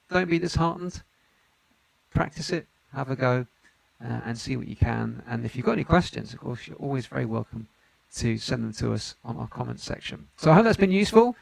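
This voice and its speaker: A man's voice: medium pitch, lively intonation, a little fast, creaky, no echo. A man teaching an online piano lesson, encouraging and counting rhythms aloud. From United Kingdom.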